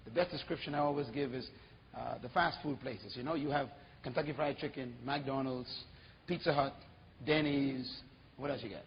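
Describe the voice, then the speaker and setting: A man preaching an animated sermon as pastor, full of rhetorical questions. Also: mid-range voice, moderate pace, big-room sound, lo-fi sound, slight background noise.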